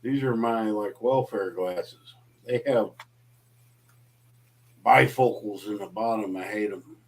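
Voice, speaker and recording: Guesting on a late-night livestream, a man with a voice on the low side takes his time as he talks. He's joking around and ribbing the host in a playful, casual chat.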